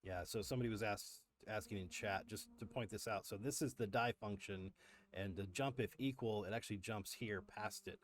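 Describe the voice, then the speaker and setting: A man's voice: lowish voice, normal speed. A man hosting a live stream, explaining step by step as he works, with frequent fillers and restarts. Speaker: livestream host. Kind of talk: live coding walkthrough.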